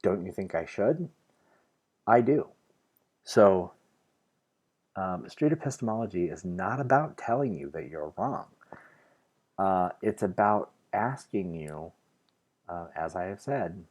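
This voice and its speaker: A man's voice: deep voice, animated, slow, pauses often, a little mellow. A man from the United States giving an earnest, argumentative vlog monologue, hesitant and full of restarts. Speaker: vlogger. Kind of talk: casual monologue to the camera.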